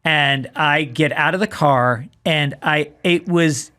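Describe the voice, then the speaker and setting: A man who is a comedian guest on a podcast, telling stories in an animated way and acting out his own shouting. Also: a little high, slow. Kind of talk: casual chat.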